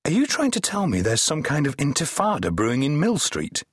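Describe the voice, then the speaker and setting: A clever, touchy detective from an audiobook, clipped and irritated, as a man voices him. The delivery climbs high and swings widely. It is recorded close and dry. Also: huge pitch swings, brisk, breathy edge, dry recording, heavily acted.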